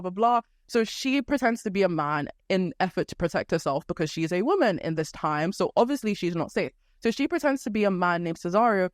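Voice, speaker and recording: A young woman hosting a podcast, retelling a story in a casual, playful way and acting out quick quotes from the characters. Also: on the low side, dry recording, clean studio sound. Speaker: podcast host.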